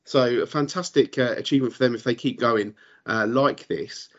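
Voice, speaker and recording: A man's voice: medium pitch, moderate pace, dull audio. A man co-hosting a casual football podcast. He stumbles and repeats words and has a dry sense of humour. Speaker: podcast co-host. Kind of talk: casual sports chat.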